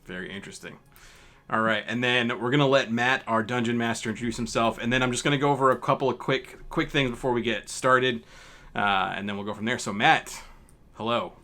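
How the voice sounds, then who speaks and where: A man's voice: medium pitch, steady tone, brisk, bright, forceful tone. A man hosting a tabletop game stream, introducing the players in a rambling way with many fillers and restarts. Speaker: host.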